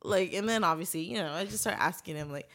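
A woman's voice: on the low side, quick pace, a bit bright. A woman in her thirties co-hosting a casual podcast, telling a story animatedly and acting out the quotes. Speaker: podcast co-host. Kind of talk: casual chat.

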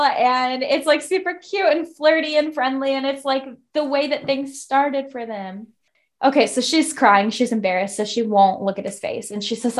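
A woman's voice: sits high, measured pace. A woman co-hosting a casual book-club podcast, gushing about a novel with lots of filler words and free swearing. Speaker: podcast co-host.

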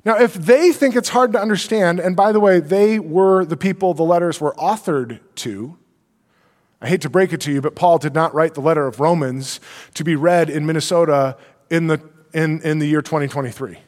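A man preaching a sermon as pastor, in a conversational, animated way full of rhetorical questions. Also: on the high side, normal speed. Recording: long hall reverb.

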